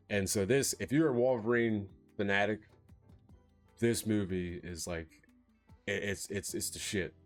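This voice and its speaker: Man, very low voice, casual rambling movie recap, faint music behind. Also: moderate pace. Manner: rambling, filler-heavy, laughs while retelling. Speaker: movie reviewer.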